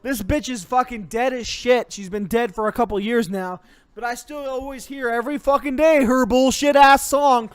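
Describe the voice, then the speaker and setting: A man's voice: extremely high pitch, a little fast, clean tone. A man hosting a comedy show, ranting angrily and swearing constantly, with mock threats. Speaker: host. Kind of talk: comedic profane rant.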